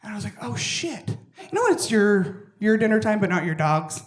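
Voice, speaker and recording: A young adult woman works through a stand-up set, loud and profane, with a middle-pitched voice. She jumps up high whenever she acts out other people. The sound carries the roomy echo of a club. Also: lively intonation, brisk. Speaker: stand-up comedian. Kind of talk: stand-up routine. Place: comedy club stage with laughing audience.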